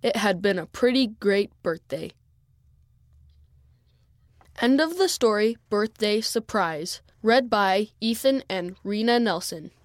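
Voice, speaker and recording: A woman reading a children's story aloud in first person, with a clear, even storytelling manner. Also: medium pitch, slow, no echo, clean studio sound. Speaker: storybook reader.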